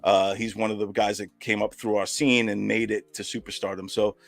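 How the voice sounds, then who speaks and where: A man's voice: fairly low pitch, level tone, a little fast, vocal fry, no echo. A man, a filmmaker and comedian, telling a rambling anecdotal story in casual chat over a video call.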